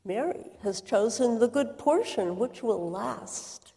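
Brief: a woman putting on a calm, gentle man, quiet and soothing, slow, echoing hall. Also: high-pitched, pitched above the performer's own voice. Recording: reverberant hall.

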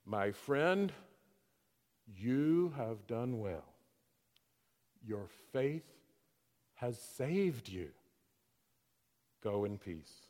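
A patient, loving teacher figure speaks in slow, measured words, firm but tender, brought to life by a male preacher. His voice carries a long reverb from a large hall. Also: on the high side, animated.

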